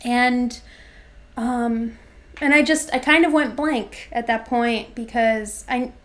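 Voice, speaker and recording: A woman in her twenties telling her personal story in an interview, reflective and halting, with many fillers and restarts. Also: on the high side, fairly bright tone. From Florida, USA. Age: 20s.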